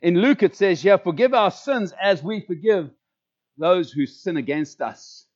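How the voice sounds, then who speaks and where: A man's voice: high voice, animated, a little slow. A man with a South African accent, a pastor preaching a fervent, emphatic sermon to his church. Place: church service. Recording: dull lo-fi recording.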